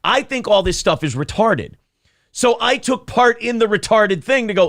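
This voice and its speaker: Man, podcast co-host, high animated delivery, sarcastic ranting, profane banter. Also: normal speed, dry recording, clean studio sound. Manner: ranting, sarcastic, mocks critics in shouted voices.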